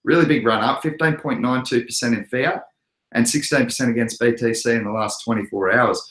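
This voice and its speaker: A young Australian man from Queensland talks in a relaxed, chatty way, answering messages from his viewers as he goes. His voice sits at a middle pitch, and the room around him gives it a noticeable echo. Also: brisk. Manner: laid-back, chatty, answers chat messages. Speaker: crypto livestream host. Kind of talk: casual livestream chat. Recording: echoey room.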